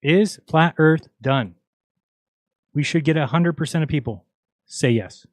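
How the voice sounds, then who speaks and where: A man's voice: a little high, unhurried, no room sound. A man hosting a livestream, talking casually in an exasperated, mocking, argumentative way. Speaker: livestream host. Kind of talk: casual ranting livestream talk.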